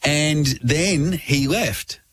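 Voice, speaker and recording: A man's voice: a little high, extremely slow, breathy edge, dry recording. A male radio co-host telling a story in casual chat, acting out the voices of the people in it. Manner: animated, acts out quoted voices.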